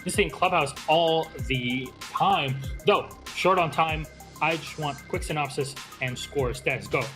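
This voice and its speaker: A man hosting a live esports broadcast desk, brisk and upbeat, handing off to analysts and casters. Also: fairly high pitch, fairly bright tone, soft background music. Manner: brisk, upbeat, keeps the show moving.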